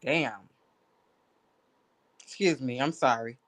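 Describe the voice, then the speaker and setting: A woman calling in for a psychic reading, reacting eagerly with quick exclamations. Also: a bass voice. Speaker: caller getting a reading. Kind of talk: casual chat.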